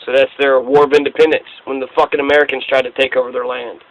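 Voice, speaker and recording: A man's voice: medium pitch, little pitch movement, quick pace, highs cut off. A man hosting a casual history talk, speaking in a profane, emphatic rant. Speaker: host.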